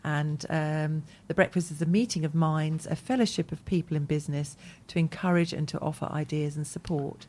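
Co-host: a woman with a lowish voice, chatty and giggly, reading messages out on air. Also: steady tone, fairly quick, darkish tone. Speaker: radio co-host. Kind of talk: casual radio chat.

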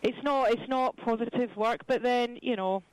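A woman joining a radio show as a business guest, talking in a brisk, friendly way. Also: a little high, no room sound, low-quality recording. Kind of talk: phone interview.

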